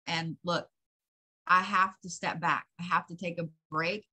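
A woman's voice: fairly low pitch, fairly even intonation, fairly quick, sharp tone, slightly rough. A woman doing a channeled psychic reading, talking straight to the listener with blunt, profane, emphatic advice. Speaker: psychic reader. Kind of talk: channeled reading, direct address.

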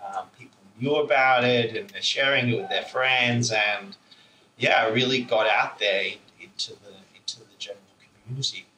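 A man rambles through an informal public talk at an indoor venue, chuckling and using many fillers. His mid-range voice moves at a moderate pace, pushed and bright, captured by a distant built-in camera mic with a roomy sound and slight hiss or hum.

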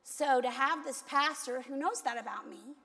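A woman's voice: high voice, moderate pace, sharp tone. A woman pastor giving a conversational sermon, telling candid, self-deprecating stories. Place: church sanctuary. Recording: long echo of a large church hall.

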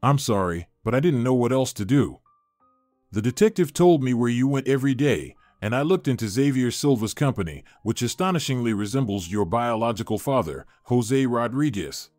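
A man's voice: medium pitch, expressive, moderate pace, darkish tone, no room sound, soft background music, close to an everyday voice. A man voicing a devoted, determined young wife who turns from indignant to tender, in a storybook reading. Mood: earnest.

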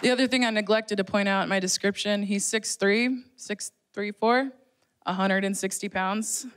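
A woman doing a stand-up comedy set with a quick, exasperated delivery. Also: mid-range voice, steady tone, background noise.

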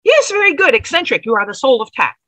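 A woman's voice: high voice, big pitch swings, fast talker, sharp tone, no echo, voice pushed up, exaggerated voice, rough recording. A woman voicing a nervous, kindly young male clerk who talks in a flustered, apologetic way.

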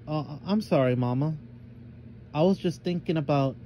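Man voicing a shy young thylacine girl in a storybook, high and stammering. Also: moderate pace, dark tone, a little hiss or hum, close to an everyday voice. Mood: hesitant. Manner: hesitant, stammering.

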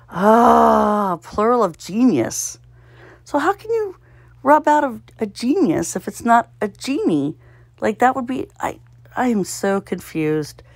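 A woman's voice: on the low side, vocal fry, no echo, studio quality. A woman vlogger talking casually to herself while she solves a puzzle, sounding out guesses and laughing at her own mistakes. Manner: self-mocking, thinks aloud, sounds out guesses, giggles. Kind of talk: casual solo commentary while solving.

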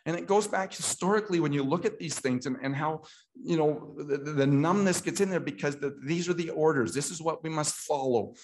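Man speaking with heated halting repetition. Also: a little high. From Canada. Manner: repeats words and restarts often, grows heated and emotional. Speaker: speaker at a political meeting. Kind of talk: impassioned public talk.

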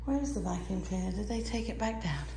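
A woman's voice: mid-range voice, animated, fast talker, vocal fry, mellow. A British woman vlogging casually while emptying her house, tired and chatty with an emotional edge. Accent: British English. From Britain. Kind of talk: casual vlog chat. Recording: noisy home recording.

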